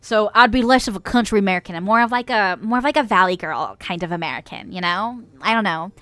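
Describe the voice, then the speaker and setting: A woman's voice: mid-range voice, expressive, quick pace, fairly bright tone, clear, resonant tone, dry recording. A woman from the US West Coast hosting a casual livestream, reading viewer comments aloud with frequent giggles. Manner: giggly, laughs often between lines. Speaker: livestream host.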